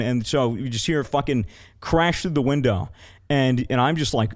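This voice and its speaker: A man with a medium-pitched voice at normal speed tells a story in casual podcast talk. He swears plenty and acts out the voices of the people he quotes.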